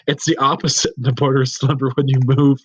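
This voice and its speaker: A man co-hosting a comedy podcast, reading a creepypasta aloud and riffing on it, swearing and breaking into high-pitched outbursts. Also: little pitch movement, fairly quick, breathy edge.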